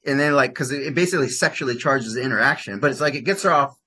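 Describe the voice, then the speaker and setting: A man coaching a client on dating, talking in a rambling, animated way full of "like" and acting out example lines. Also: racing, slightly rough. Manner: acts out example lines in bursts of higher pitch. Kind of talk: casual coaching session.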